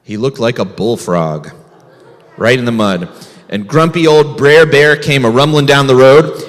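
A man's voice: medium pitch, a little slow, fairly bright tone, long reverb tail. A man, a rabbi, telling a folk tale to children in a folksy way, asking the kids questions. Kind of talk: storytelling to children.

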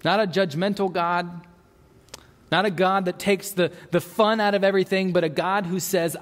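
High-voiced man preaching in a reverberant hall. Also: steady tone, moderate pace. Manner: earnest, asks rhetorical questions, stumbles into repeated words. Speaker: pastor. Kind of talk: sermon. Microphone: microphone.

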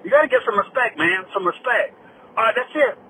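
A man's voice: high voice, animated, brisk, pushed and bright, a little hiss or hum, heavily acted, rough recording. A man putting on a rowdy good-old-boy caller in a folksy, rambling, conspiratorial voicemail.

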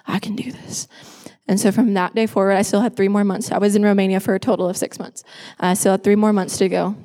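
A woman's voice: mid-range voice, level tone, fast talker, dark tone. Woman pastor in an echoing hall. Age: 20s. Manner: emphatic, repeats phrases for effect. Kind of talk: personal testimony sermon. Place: church stage. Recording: echoey hall with long reverb.

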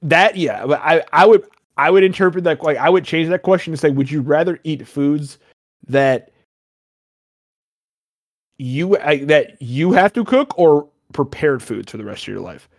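Recorded dry and at studio quality, a podcast host with a fairly high, expressive voice talks at a moderate pace. His casual chat wanders, full of joking asides and plenty of swearing.

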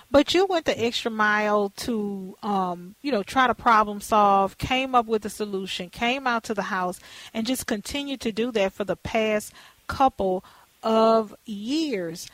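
A woman's voice: medium pitch, measured pace, fairly bright tone, no room sound. A mother talking casually and with heartfelt gratitude, using many fillers. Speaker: mother, customer. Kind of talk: casual conversation.

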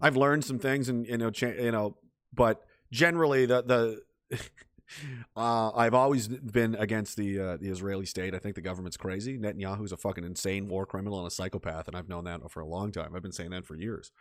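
A man's voice: on the low side, fairly even intonation, brisk, no echo, clean studio sound. A man who talks in a rambling, heated way, swearing often and restarting his sentences. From Canada. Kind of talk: casual ranting monologue.

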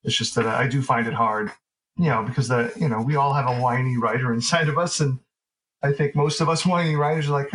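A man talks casually with a mid-range voice, circling his points with plenty of fillers and self-corrections. He keeps a loose, easygoing conversational flow, pitched in an ordinary register. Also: brisk, low-quality recording. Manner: relaxed, rambling, many fillers and restarts. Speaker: author guest.

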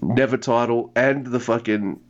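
A man co-hosting a podcast, excitable and profane in casual wrestling chat. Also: mid-range voice, unhurried. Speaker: podcast co-host. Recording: dull lo-fi sound.

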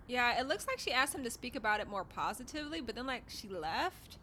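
A woman's voice: fairly high pitch, big pitch swings, fairly quick, bright, forceful tone, a little hiss or hum. A woman co-hosting a casual podcast chat, recapping a reality show with wry asides and mock quotes. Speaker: podcast co-host.

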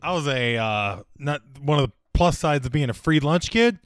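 A man co-hosting a comedy podcast, chatting casually and dropping deadpan, wry one-liners. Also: a little high, moderate pace, clean tone, no room sound, clean studio sound. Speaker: podcast co-host.

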